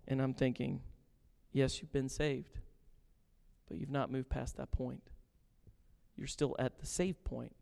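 A man preaching a sermon, animated, switching between quiet asides and loud acted-out quotes. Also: mid-range voice, unhurried, creaky, pauses often, smooth, big-room sound. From grew up on a farm. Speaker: pastor.

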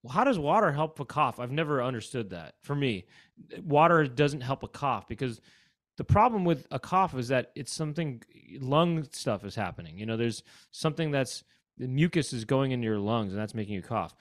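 A man's voice: medium pitch, lively intonation, normal speed, dry recording, studio quality. A man co-hosting a comedy podcast, rambling through casual chat and breaking into silly sneeze bits. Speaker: podcast co-host.

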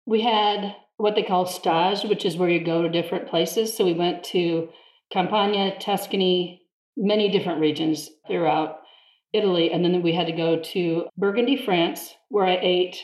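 Woman, lively storyteller, laughs a lot, mimics voices, echoey room. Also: fairly low pitch, normal speed. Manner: animated, laughs often, mimics others in quotes. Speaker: guest. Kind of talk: casual storytelling in conversation. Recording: roomy echo.

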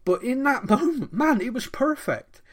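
A man co-hosting a casual podcast chat, excitedly retelling scenes and laughing often. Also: extremely high pitch, moderate pace, husky. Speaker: podcast co-host.

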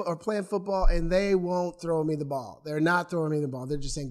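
Speaking a little fast with few pauses, a fairly high-voiced man recounts his own stories in an interview. He's a former athlete from Portland, Oregon, and he animatedly acts out the voices of others.

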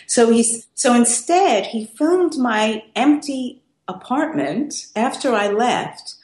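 A woman's voice: on the high side, takes it slowly, few pauses. A middle-aged woman, an artist, telling stories in a casual interview and acting out other people's lines. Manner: animated, acts out voices in her stories. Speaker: artist guest. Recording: echoey room.

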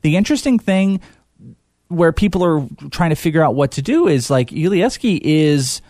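A man's voice: on the high side, expressive, moderate pace, a little mellow, dry recording. Rambling man talking sports, dry sound. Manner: rambling, hesitant with fillers. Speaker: podcast host. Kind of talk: casual sports chat.

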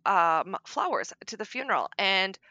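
Bright-voiced woman, frank and darkly funny. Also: medium pitch, very animated, normal speed, no echo, highs cut off. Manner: frank, darkly joking, soft-spoken at times. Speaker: podcast guest. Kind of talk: candid conversation about grief.

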